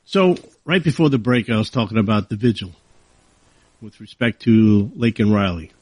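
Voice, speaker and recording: A man's voice: fairly low pitch, normal speed, darkish tone, husky, no room sound. A man hosting a talk radio show, delivering an indignant, heated monologue that keeps rising into outbursts.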